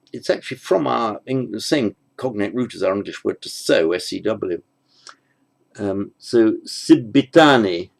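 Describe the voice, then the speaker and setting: A man teaching a language lesson, working through translation exercises slowly and methodically, thinking aloud with pauses. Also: on the low side, creaky, a little mellow. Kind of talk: spoken grammar lesson.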